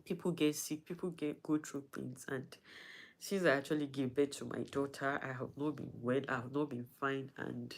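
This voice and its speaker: A woman talking to her followers in a personal vlog, halting and emotional, with frequent restarts, sounding weak and in pain. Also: a bass voice, steady tone. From Nigeria. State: in pain and weak from not eating. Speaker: vlogger.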